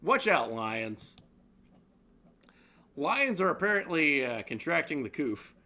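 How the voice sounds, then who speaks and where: Stream co-host, man. Bright tone, lively and unhurried, jokey and rambling delivery. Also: a little high, a little hiss or hum. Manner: joking, rambling, laughs often. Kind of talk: comedic news roundup on a live stream.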